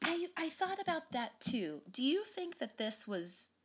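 A woman's voice: high voice, very animated, unhurried. A woman co-hosting a podcast, chatting enthusiastically about a children's book and laughing often. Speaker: podcast co-host. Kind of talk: casual book discussion.

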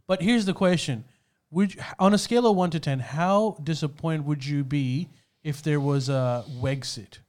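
A young man joins a casual chat with friends, delivering his jokes deadpan. His speaking voice sits somewhat higher than most men's. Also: moderate pace.

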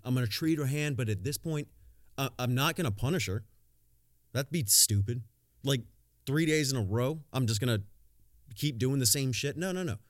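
A man's voice: medium pitch, normal speed, long pauses. A man with a mid-range voice holds forth on his solo podcast. He is blunt and profane, and he rambles from point to point. The sound is dry and close, with no room echo. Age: adult, has a young daughter. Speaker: podcast host. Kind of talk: casual solo podcast monologue.

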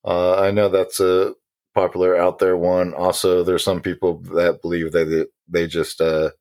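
A man's voice: deep voice, flat delivery, normal speed, a little mellow, dry recording. A man co-hosting a casual conspiracy podcast, rambling with many ums and restarts. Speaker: podcast co-host.

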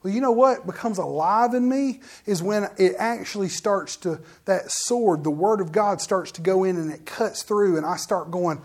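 A man preaching a casual, conversational sermon, animated and folksy, talking straight to his listeners. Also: high voice, moderate pace, hardly any pauses.

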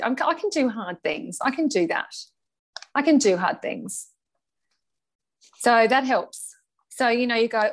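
A middle-aged woman, a guest in a conversational interview, telling her story in an animated way and often laughing. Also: on the high side, measured pace, pauses often. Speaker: guest, charity founder.

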